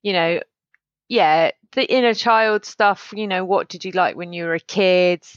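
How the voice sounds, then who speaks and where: A woman's voice: lowish voice, steady tone, unhurried, no echo, lo-fi sound. A middle-aged woman co-hosting a casual chat, rambling and laughing often. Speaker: podcast co-host.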